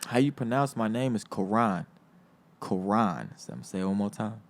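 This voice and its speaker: A man's voice: fairly low pitch, quick pace, a little mellow. A young man from South Berkeley, a rapper guest in an interview, talking casually with street slang, heavy swearing and defiant emphasis. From South Berkeley, California.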